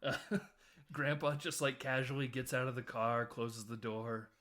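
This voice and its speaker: Guy on a movie podcast, mid pitch, retelling scenes and doing little character voices. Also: fairly even intonation, unhurried, a bit bright. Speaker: podcast host. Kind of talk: casual film podcast recap.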